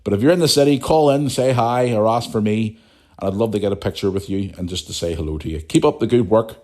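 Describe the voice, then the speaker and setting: A young man hosting a casual podcast, reading listener emails and chatting in an animated, sweary way. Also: fairly low pitch, fast talker. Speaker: podcast host.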